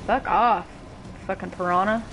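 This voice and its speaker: Kentucky woman in her twenties, loose foul-mouthed streamer chatter, mid-pitched. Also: fairly even intonation, moderate pace, a bit bright, a little hiss or hum, poor audio. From Kentucky, USA. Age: 20s. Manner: profane, chatty, greets viewers by name. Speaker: game streamer. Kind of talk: casual gaming stream chat.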